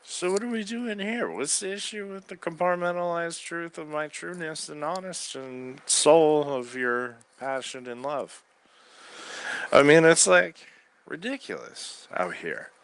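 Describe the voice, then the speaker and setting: A man delivering a rambling spoken-word monologue from his bed into a microphone, swinging between loud outbursts and quiet mutters. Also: a little high, lively intonation, a little slow, clean tone. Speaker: recording artist. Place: bedroom.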